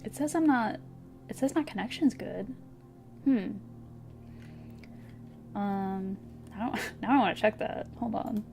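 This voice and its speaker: A woman streamer casually thinking aloud over a puzzle game, hesitant and giggly, with soft music behind. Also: medium pitch, a little slow, creaky, long pauses. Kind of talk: casual gameplay commentary. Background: soft background music.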